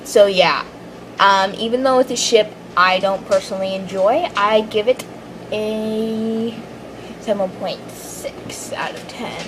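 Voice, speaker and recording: A woman's voice: medium pitch, steady tone, a little slow. Young woman, bubbly, rambling, hyper, casual review, faint hiss behind. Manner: bubbly, rambling, fangirling, lots of fillers and restarts. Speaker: fanfiction reviewer.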